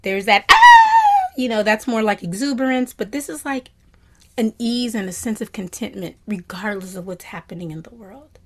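In a dharma talk, a woman meditation teacher speaks gently and reflectively, with a husky, medium-pitched voice at a normal speed. She often sinks into a soft whisper, then breaks into animated bursts of delight.

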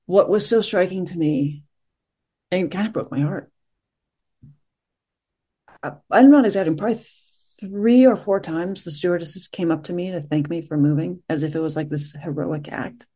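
A middle-aged meditation teacher giving a soft-spoken, reflective talk after a group sit, pausing often and searching for words. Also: medium pitch, slightly rough. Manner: soft-spoken, gentle, searching, with many pauses and fillers.

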